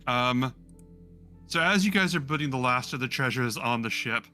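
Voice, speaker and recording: A man narrating as game master in a relaxed, unhurried way, with plenty of fillers. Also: medium pitch, faint music behind.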